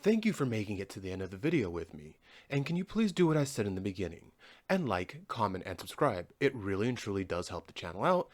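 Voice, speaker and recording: A man's voice: on the low side, very animated, fast talker. An American man who hosts a reaction channel, reading a Reddit post aloud and then giving his casual, rambling take. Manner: chatty and rambling, with frequent restarts.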